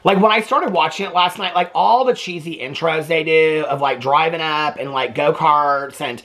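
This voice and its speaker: A man's voice: a little high, normal speed. Gossipy man dishing on reality TV. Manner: gossipy and animated, peppered with "okay?" and "like". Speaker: TV reaction vlogger. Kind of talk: chatty gossip about a reality show.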